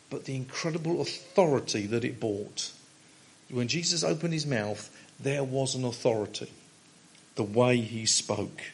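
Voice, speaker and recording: A man preaching an expository sermon. He reads a passage aloud and then explains it with emphatic stresses, using some filler pauses and restarts. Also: mid-range voice.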